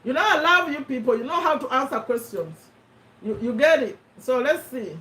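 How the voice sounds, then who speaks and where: A high-pitched woman hosts a casual live-stream quiz, reading out viewers' names and ruling on their answers. Her voice sits away from the mic. It carries a roomy echo. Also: animated, normal speed, bright, forceful tone, distant mic. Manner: chatty, reads out viewer names and answers, checks and rules on them. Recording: echoey room, voice away from the mic.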